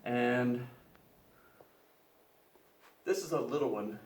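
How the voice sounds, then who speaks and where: A man's voice: mid-range voice, very slow, echoey room, very noisy. A man teaching a class, playfully explaining each step of a science demonstration to students.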